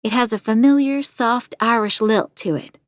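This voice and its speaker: A woman's voice: fairly high pitch, dry recording, clean studio sound, lightly acted. A woman voicing a determined true-crime podcaster. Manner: measured, confiding storytelling. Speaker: narrator. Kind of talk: first-person audio drama narration.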